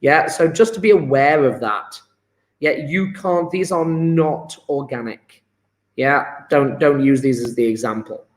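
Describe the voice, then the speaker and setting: Chatty chemistry teacher, high voice. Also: male voice, unhurried. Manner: chatty, encouraging, fillers of "yeah?". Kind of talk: live online lesson. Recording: echoey room.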